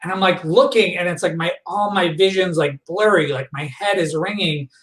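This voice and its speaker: A man's voice: high voice, a bit bright. Guy on a podcast telling a story, lots of "like" and restarts, roomy echo. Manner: halting, full of "like" fillers and restarts. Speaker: podcast guest. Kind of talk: retelling a personal memory in a podcast chat. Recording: echoey room, voice far from the mic.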